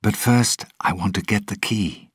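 A man's voice: lowish voice, unhurried, breathy edge, no room sound, studio quality, voice pushed up. A man doing an eager young sailor, raised and urgent. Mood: determined. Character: young male sailor, brave son.

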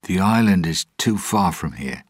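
A man's voice: deep voice, expressive, a little slow, slightly rough, no echo, studio quality, pitched above the performer's own voice, full character voice. A man voicing a roguish, boastful male ship captain in a read-aloud storybook, with a coaxing, self-assured manner.

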